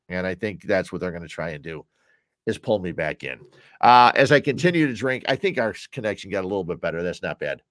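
Sipping beer at home, this Chicago-area podcast host rambles casually through topics on his solo show. His voice sits on the low side and is slightly bright, with lively intonation and a fairly quick pace; the studio sound is clean with no room tone.

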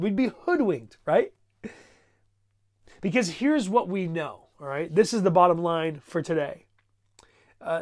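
A man's voice: high voice, lively intonation, unhurried, darkish tone. A man in his thirties preaching a sermon, telling a story in a conversational way and checking in with the congregation. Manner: conversational, checks in with "right?" and "okay?". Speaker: pastor.

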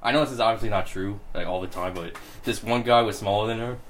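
A man's voice: fairly low pitch, fast, slight background noise. A man talking casually on a podcast, hesitant and evasive, full of fillers. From Long Island, New York. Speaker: podcast guest. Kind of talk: casual chat.

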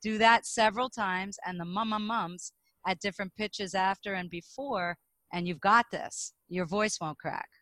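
A woman guest on a podcast, a speaking coach explaining and demonstrating vocal warm-up exercises. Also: mid-range voice, moderate pace, no echo. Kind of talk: podcast interview.

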